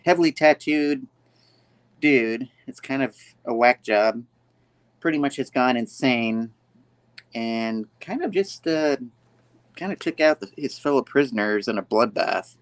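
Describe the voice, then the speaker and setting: A man hosting a comic book review show, chatting casually as he retells the story and slips into quick voices for the characters. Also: medium pitch, expressive. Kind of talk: casual comic recap chat.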